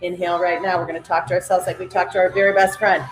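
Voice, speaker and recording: A middle-aged woman leading a live-streamed breathing and affirmation session, energetic and encouraging, calling out viewers by name. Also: on the low side, very fast. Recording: roomy echo with faint music.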